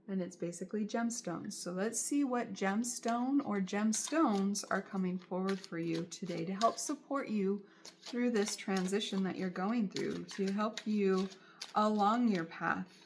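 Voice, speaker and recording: Slow, soothing woman reading tarot. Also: medium pitch, a little hiss or hum. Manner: soothing, reassuring, repeats phrases. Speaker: tarot reader. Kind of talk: spoken tarot reading to viewers.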